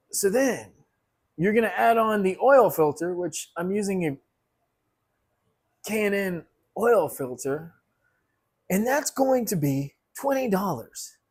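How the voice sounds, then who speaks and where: A man hosting a home cooking show, joking and mocking himself as he rambles off topic. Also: high voice. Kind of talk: rambling comic monologue. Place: home apartment kitchen.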